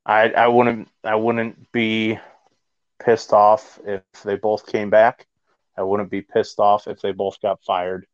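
A man hosting a casual sports talk show, measured and thoughtful. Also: lowish voice, flat delivery, dry recording, lo-fi sound. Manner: measured, with fillers. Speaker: podcast host.

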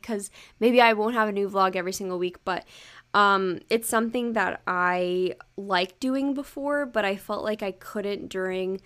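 A woman's voice: medium pitch, a bit bright. Bubbly rambling young woman vlogger. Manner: bubbly, rambling, swears casually, self-mocking. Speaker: YouTuber. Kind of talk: casual chatty vlog.

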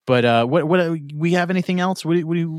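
A man's voice: a little high, fast talker, no room sound, clean studio sound. A man hosting a podcast in casual chat, laid-back, filler-heavy and swearing. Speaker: podcast host.

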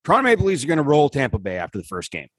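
A man with a husky, slightly breathy voice, caught up in a casual sports rant. He sounds exasperated and swears freely, and his pitch shoots up when he gets fired up. The sound is dry and close. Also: wildly swooping pitch, rapid-fire, fairly bright tone, no echo. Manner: exasperated rants, swearing, voice jumping high when worked up. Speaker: podcast co-host.

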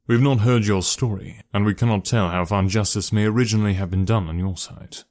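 A man voicing a calm, measured detective who speaks quietly and slowly. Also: on the low side, close to an everyday voice.

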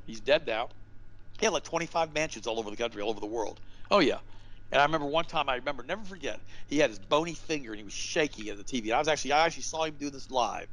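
A man's voice: on the high side, a bit bright, low-quality recording. A man speaking as a guest on a show, delivering his points in a fiery, emphatic, preacher-like way with repeated rhetorical questions. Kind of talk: impassioned interview talk.

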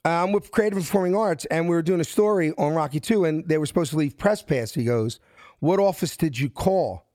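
Older philly guy spinning a yarn, acts out all the lines, kinda high voice, dry sound. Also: a little fast, dry recording. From South Philadelphia. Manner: animated, acts out quoted dialogue in voices. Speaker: guest. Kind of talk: casual storytelling.

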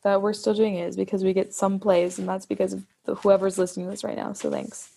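A woman's voice: medium pitch, fast, vocal fry, dark tone, slight background noise. A woman co-hosting a music podcast in casual chat, effusive and laughing often, with some swearing. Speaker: podcast co-host.

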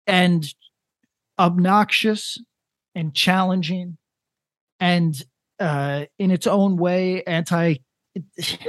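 A man in his thirties co-hosting a casual comedic podcast, rambling in a deadpan way with lots of restarts. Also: sits high, no room sound. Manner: rambling, deadpan, building to a prank. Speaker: podcast co-host.

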